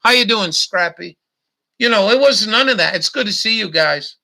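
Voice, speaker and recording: High-pitched and animated, with a creaky, bright, forceful tone, a middle-aged man moves at a moderate pace through a casual livestream chat. As host, he is blunt, swears heavily, and repeats himself as he rants.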